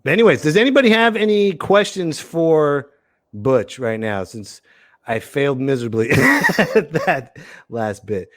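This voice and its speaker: A man's voice: fairly high pitch, sing-song, a little slow. A man hosting a podcast in casual chat, playful and joking with frequent laughter. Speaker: podcast host.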